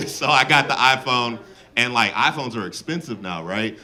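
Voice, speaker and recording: A man in his thirties performing a stand-up comedy set with an animated, playful, slangy delivery on a handheld mic. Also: mid-range voice, normal speed. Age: 30s. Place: comedy club stage with audience laughter. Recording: loud live crowd laughter.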